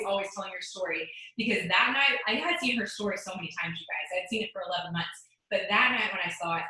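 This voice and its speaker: Woman, late 20s, quick and bright, motivational speaker on a video call, very echoey room. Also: mid-range voice. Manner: fast, earnest, many "like" fillers. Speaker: guest speaker.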